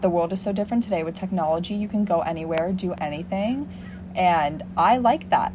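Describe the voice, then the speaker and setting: A woman's voice: fairly low pitch, background noise. A young woman co-hosting a podcast, talking reflectively in a casual chat and filling her sentences with "like.". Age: young adult. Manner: reflective, rambling with many "like" fillers. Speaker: podcast co-host.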